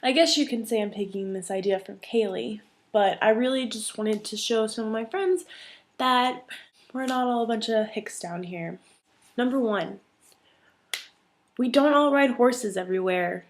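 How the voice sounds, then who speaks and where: A woman's voice: on the high side, a little slow. Chatty young woman vlogger from Texas. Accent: none, mostly standard American. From Texas, USA. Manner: chatty, emphatic, a bit exasperated. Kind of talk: casual talking-to-camera vlog.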